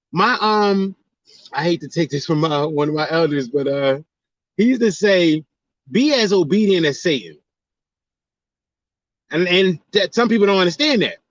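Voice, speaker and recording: Man, lively swooping voice, preachy casual spiritual talk, dry slightly dull recording. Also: high voice, no echo. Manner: animated, preachy, rhetorical questions.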